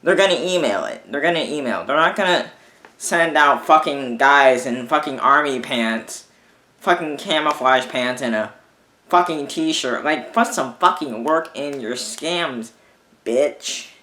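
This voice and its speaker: A man rants straight to camera, exasperated and swearing freely, circling back and restarting his sentences as he vents. His voice has a bright, forceful edge, and the room throws back a noticeable echo. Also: medium pitch, measured pace. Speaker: vlogger. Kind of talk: ranting casual monologue. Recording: echoey room.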